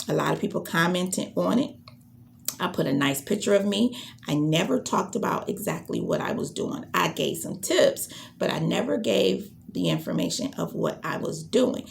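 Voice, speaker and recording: Gravelly, animated woman teaching business. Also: on the low side, a little hiss or hum. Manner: lively, acts out sample greetings and introductions. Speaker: business trainer. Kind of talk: teaching a business launch training.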